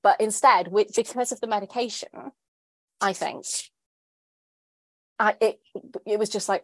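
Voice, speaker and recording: A woman's voice: medium pitch, unhurried, long pauses, dry recording. A woman in her thirties, a writer talking as a podcast guest in a candid, chatty way with many fillers. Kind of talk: casual interview chat.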